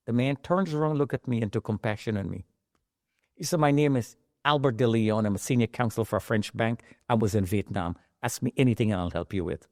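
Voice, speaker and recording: Animated middle-aged man telling his story. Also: medium pitch, fairly quick, no room sound, clean studio sound. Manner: animated, acts out the voices of the people in his story. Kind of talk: emotional personal storytelling.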